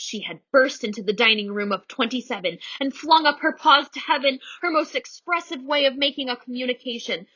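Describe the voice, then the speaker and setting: A woman reading a children's story aloud in an animated, theatrical way. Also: sits high, muffled recording.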